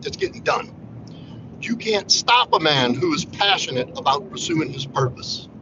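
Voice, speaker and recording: This livestream host's highish voice swings widely in pitch at normal speed as he delivers a casual monologue, bluntly, profanely, and preachily. The audio is muffled, lo-fi, and carries background noise.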